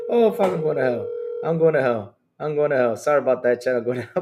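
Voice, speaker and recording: A man's voice: mid-range voice, normal speed, pauses often, background noise. A man hosting a casual live stream, talking straight to his chat, swearing and breaking into laughter all the time. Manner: talks to chat directly, animated and excitable. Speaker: streamer host. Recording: roomy echo.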